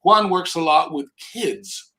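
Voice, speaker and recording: A man's voice: a little high, expressive, slow, sharp tone. A man appearing as a guest actor on a live interview show, talking in an earnest, easygoing way. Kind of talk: casual live interview chat.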